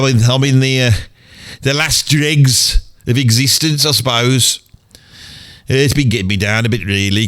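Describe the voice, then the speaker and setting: Grumpy Brummie pensioner in his seventies, gruff, cursing, medium voice, Birmingham accent; a man plays him. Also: mid-range voice, a bit bright, natural voice. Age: 70s. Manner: gruff, grumbling, swears constantly. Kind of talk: comedic character monologue.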